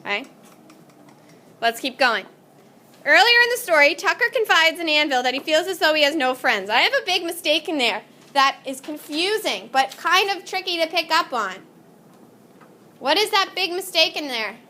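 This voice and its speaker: A woman teaching a class in a high, bright voice. She calls on students by name and encourages them as she works through the lesson in a classroom. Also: big pitch swings, moderate pace.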